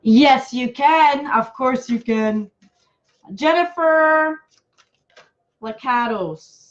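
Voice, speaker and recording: A woman reads cards for her live viewers in a slow, unhurried way, her voice sitting fairly high. She is affectionate and halting, full of fillers and restarts. The audio is dull and lo-fi. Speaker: intuitive card reader. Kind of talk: live card reading for viewers.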